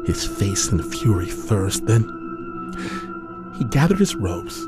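A man narrating a story in the first person, grave and measured in his delivery. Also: fairly low pitch, big pitch swings, over loud music.

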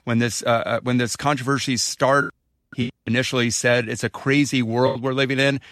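A male commentator in a middle pitch arguing his point firmly and critically. His voice is close and dry, and he speaks at times in quick bursts. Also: flat delivery, a bit bright, dry recording. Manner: firm, critical and argumentative. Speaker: podcast host and entertainment commentator. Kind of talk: interview guest commentary.

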